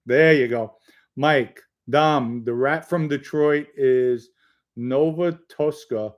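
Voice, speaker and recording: A middle-aged man hosting a casual livestream talks slowly at medium pitch, reading viewers' comments out loud, bantering with chatters, and telling meandering anecdotes.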